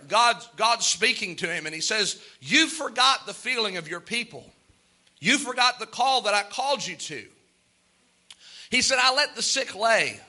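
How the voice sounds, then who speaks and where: A man's voice: high-pitched, bright, forceful tone. A man preaching a sermon from the pulpit, earnest and plain-spoken, rising to fervent outbursts. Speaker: pastor.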